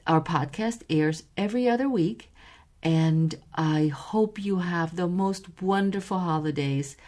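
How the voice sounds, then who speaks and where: A woman's voice: fairly low pitch, measured pace, darkish tone. A woman hosting a podcast, agreeing effusively with her guest and closing the episode with enthusiasm. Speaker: podcast host. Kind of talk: podcast interview and outro.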